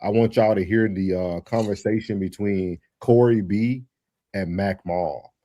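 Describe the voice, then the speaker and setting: A man's voice: fairly low pitch, fairly even intonation, measured pace, warm tone, no room sound, clean studio sound. A man hosting a podcast, easygoing and laid-back, moving the show along. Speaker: podcast host.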